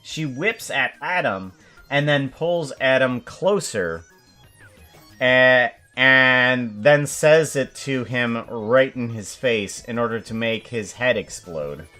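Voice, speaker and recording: A man's voice: medium pitch, takes it slowly, bright, forceful tone, soft background music. A man thinking aloud as he plans an animation, musing and correcting himself with many fillers. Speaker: animator planning a script. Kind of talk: thinking aloud while working.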